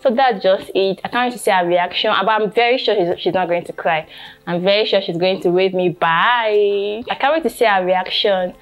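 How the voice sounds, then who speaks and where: A woman's voice: medium pitch, normal speed, faint music behind. Chatty Nigerian woman vlogging. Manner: chatty, repeats herself, many fillers like "you know". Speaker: vlogger and photographer. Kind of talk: casual vlog talk to camera.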